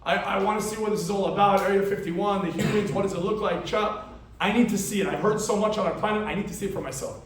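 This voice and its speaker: Baffled male alien visitor as a preacher puts him on: earnest, pleading questions, a fairly high voice, heard from far off in a very echoey hall. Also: steady tone, fast talker, lightly acted. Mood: eager. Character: bewildered male alien visitor, curious and easily shocked.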